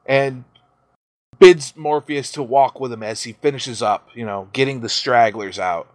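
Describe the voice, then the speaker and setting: A man's voice: mid-range voice, a little slow, no room sound. Man, podcast host, casual storytelling, swears a lot, dry close sound. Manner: profane, animated storytelling with laughs. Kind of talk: casual chat retelling a story.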